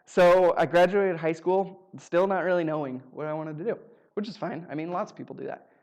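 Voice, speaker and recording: A man's voice: fairly high pitch, fairly quick, a little mellow, highs cut off. A man telling a personal story on stage at a live show, in a humorous, self-mocking way, acting out bits of dialogue.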